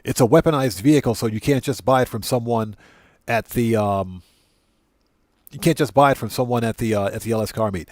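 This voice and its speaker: This is casual livestream chatter from a talkative man playing a game, who sounds relaxed and welcomes viewers by name. He speaks a little fast in a mid-range voice, frequently repeating and correcting himself, and the studio-quality recording has no echo.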